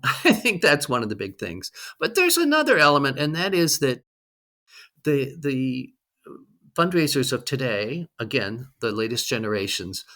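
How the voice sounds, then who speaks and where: A man's voice: medium pitch, big pitch swings, normal speed, sharp tone. A man in his sixties, a guest on an interview podcast, speaking reflectively with frequent ums. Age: 60s. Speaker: guest, fundraising leader.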